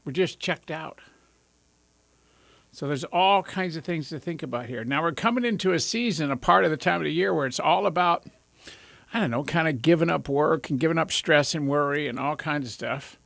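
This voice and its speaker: Gravelly, bright-voiced high-energy radio host man. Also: moderate pace, dry recording. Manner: high-energy, jokey, self-amused. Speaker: radio talk show host. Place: radio studio. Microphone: studio microphone.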